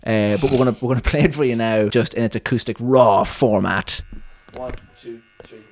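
A man chatting as the host of a relaxed podcast, his voice sitting at an ordinary middle pitch. He rambles through his bits, stumbles over his words and chuckles at his own puns. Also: normal speed. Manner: rambling, self-mocking, laughs at own jokes. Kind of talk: casual chat.

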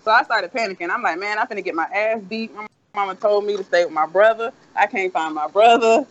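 A man with a high voice tells a long, winding story, swearing in a laid-back way. The sound is dull and lo-fi. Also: brisk, fairly bright tone. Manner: rambling, profane, laid-back. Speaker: co-host. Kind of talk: casual storytelling chat. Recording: dull lo-fi audio.

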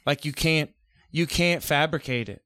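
A young man co-hosting a podcast in casual chat, excitable and rambling, laughing often on a close mic. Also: on the high side, normal speed, no room sound. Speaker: podcast co-host.

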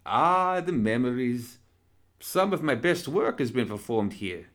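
A man voicing a genteel, pompous male professor who teaches undeath and operates as a surgeon, speaking in a courtly, excitable manner. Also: medium pitch, unhurried, pitched above the performer's own voice. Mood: relishing. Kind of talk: audiobook character reading.

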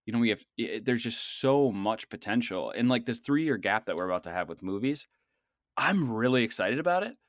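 A man in casual podcast chat, teasing and animated with stammered restarts. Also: mid-range voice, fairly quick, dry recording, clean studio sound.

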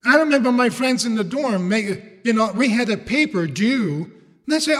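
A man's voice: very high voice, normal speed, big-room sound. A man preaching a sermon in English, a language he learned later, telling stories and asking his listeners rhetorical questions. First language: not English. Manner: animated storytelling, rhetorical questions to the audience.

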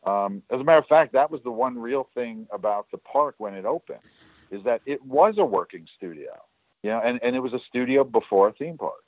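This man's voice is mid-range, animated, and fairly quick, captured dry over a tinny, phone-like line. He's a guest who once worked at a studio, telling loose stories in a casual interview, full of fillers and restarts.

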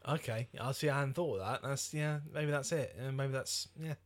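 A man's voice: mid-range voice, normal speed. A man co-hosting a podcast, chatting casually about a film and agreeing readily. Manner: agreeable, frequent yeahs, loose phrasing. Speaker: podcast co-host.

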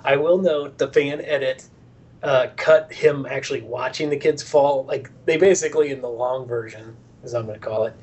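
A man's voice: medium pitch, fairly even intonation, moderate pace, a little mellow, slightly rough. A man co-hosting a casual movie review podcast, making wry, sarcastic remarks about the film. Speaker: podcast co-host.

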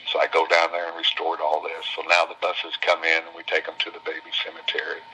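A man's voice: low voice, monotone, fast, pushed and bright, slight background noise, poor audio. A man telling homespun stories to visitors in a folksy way, often repeating phrases for emphasis. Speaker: business owner speaking to visitors. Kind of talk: folksy storytelling talk.

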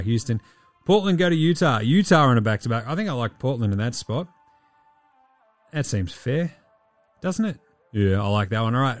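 A young Australian man hosting a casual sports podcast, laid-back and sweary, his voice tired and giving out. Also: mid-range voice. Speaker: podcast host.

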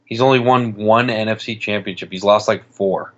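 A man's voice: on the low side, steady tone, normal speed, highs cut off. A man co-hosting a casual sports podcast, blunt and agreeable. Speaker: podcast co-host.

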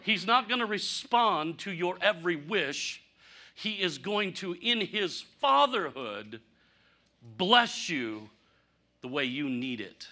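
A man preaching a conversational sermon, candid and humorous, asking rhetorical questions and swinging from punchy lines to near-quiet asides. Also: high voice, slow. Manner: animated, rhetorical questions, sudden drops to quiet; candid, self-deprecating humor. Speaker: pastor.

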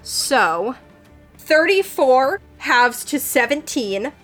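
Chatty woman game master, slightly high. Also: sing-song, extremely slow, fairly bright tone, faint music behind. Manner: chatty, full of ums and likes. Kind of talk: narrating a tabletop game.

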